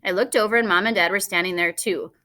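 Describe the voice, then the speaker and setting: A woman narrating a children's novel in the first person, lively and expressive. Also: medium pitch, fast. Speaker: audiobook narrator.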